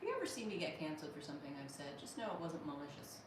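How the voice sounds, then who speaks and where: A woman's voice: deep voice, huge pitch swings, racing, recorded from a distance, background noise. An American woman in her thirties hosting a casual livestream, joking and thanking viewers by name in a wry tone. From United States. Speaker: livestream host reading viewer comments. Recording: roomy echo from off-mic.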